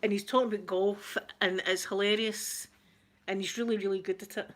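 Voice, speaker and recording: A woman's voice: medium pitch, fairly even intonation, brisk, fairly bright tone. Chatty Scottish woman, middle-aged. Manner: chatty, reads out viewer comments, laughs often. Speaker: ASMR livestream host. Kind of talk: casual chat with viewers.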